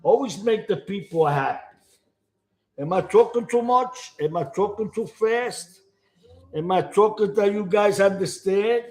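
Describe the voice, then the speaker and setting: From Italy, a man hosts a home cooking show, rambling casually to camera in accented, broken English while he cooks. He has a high, darkish-toned voice and an unhurried pace, with an echoey room around him.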